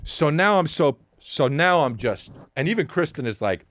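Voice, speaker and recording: A man in his forties, a podcast host telling a comedic story as a profane, animated rant full of acted-out voices. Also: fairly high pitch, normal speed, few pauses, no echo, studio quality.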